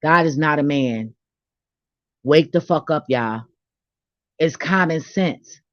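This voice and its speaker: A woman's voice: sits low, slow pace, no room sound, highs cut off. A woman delivering a blunt, profane, preachy rant on faith, confrontational and unfiltered, to her own channel. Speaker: vlogger. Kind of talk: ranting spiritual monologue.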